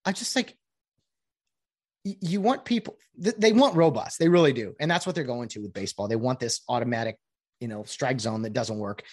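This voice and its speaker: A man riffs on sports officiating in a sarcastic, animated monologue, slipping into mocking impressions of other people. His pitch jumps around constantly. The recording is dry, with no room echo. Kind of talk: casual opinion monologue.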